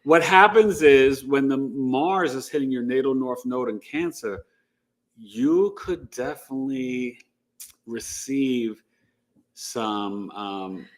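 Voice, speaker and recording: Man, astrology host, casual livestream chat, joking, animated. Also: medium pitch, slow. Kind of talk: casual live-stream chat.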